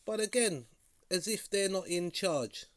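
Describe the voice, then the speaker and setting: Slow, halting man giving critical commentary. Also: high voice, animated, no echo, clean studio sound. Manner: critical, halting, repeats words. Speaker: vlog host reacting to a clip. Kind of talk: casual reaction commentary.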